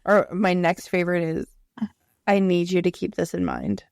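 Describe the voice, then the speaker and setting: A woman's voice: on the low side, sing-song, normal speed, gravelly, darkish tone, no room sound, clean studio sound. A young woman co-hosting a podcast in casual chat, blunt and profane, often acting out what coworkers say. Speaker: podcast co-host.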